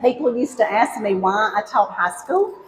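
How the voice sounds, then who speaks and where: A middle-aged woman from Alabama with a Southern accent gives a cooking demo on stage. She is a former high school teacher and talks to the crowd in a cheerful, folksy, chatty way. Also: animated, normal speed, low-quality recording. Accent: Southern American, Alabama. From Alabama, United States. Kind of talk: live cooking demo for an audience. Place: outdoor cooking stage with a live audience.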